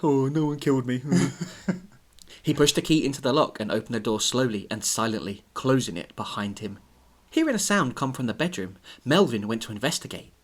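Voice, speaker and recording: Male host, story reading with laughing asides, lively pitch. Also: brisk. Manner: giggly, animated. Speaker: podcast host and story reader. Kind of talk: reading a story aloud with banter.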